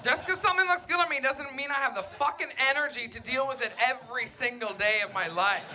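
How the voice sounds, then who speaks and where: A young woman performing a crude, brash stand-up set on a comedy club stage, with deadpan delivery, mocking voices and audience laughter behind her. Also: high-pitched, a little fast.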